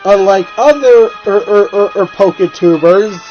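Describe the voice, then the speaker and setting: A man's voice: high voice, measured pace, darkish tone. Stuffy-nosed man rambling with restarts. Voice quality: nasal. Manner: rambling, many restarts and fillers. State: stuffy nose and sore throat. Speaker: gaming video co-host. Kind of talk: casual chat. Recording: slightly dull recording with faint music.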